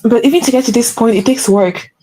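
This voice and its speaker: A woman with a fairly high, mellow voice talks earnestly to the camera like a faith coach. She often says the same phrase twice for weight. Her tone stays soft and warm, with no edge. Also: fast, low-quality recording. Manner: earnest, repeats phrases for emphasis. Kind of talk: earnest spiritual pep talk to camera.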